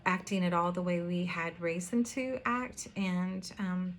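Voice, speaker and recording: A woman pastor preaching a heartfelt, earnest sermon, with pauses and some hesitations. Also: on the low side, fairly even intonation, a little hiss or hum.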